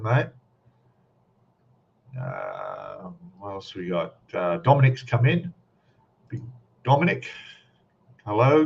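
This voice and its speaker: A man's voice: lowish voice, lo-fi sound. A man with an Australian accent hosting a casual live stream, chatting and greeting viewers by name with plenty of fillers.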